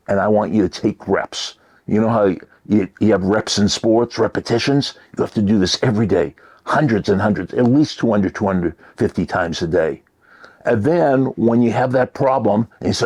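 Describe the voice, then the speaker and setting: A man giving a motivational talk, shifting between loud emphasis and near-whispered asides. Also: fairly low pitch, normal speed. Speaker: motivational speaker.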